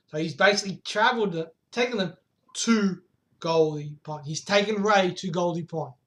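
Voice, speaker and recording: Male vlogger, high-pitched, excitable, casual with rhetorical questions and light swearing. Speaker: manga chapter reviewer. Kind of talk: casual recap vlog.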